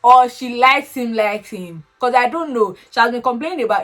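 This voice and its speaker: A young woman chatting casually, recapping a reality show with animated, expressive swings into high excited tones. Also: normal speed.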